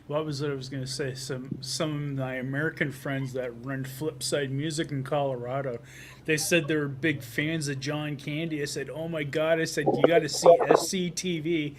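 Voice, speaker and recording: A man's voice: a little high, level tone, normal speed, heavy background noise. A Canadian man chatting casually on a livestream panel, laughing easily and slipping into silly voices when he tells a story. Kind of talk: casual chat.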